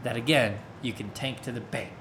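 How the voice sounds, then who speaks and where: Over some background noise, a man with a medium-pitched voice and normal pace preaches a sermon. He keeps it casual and conversational, frequently checking that listeners are following along in this interactive style.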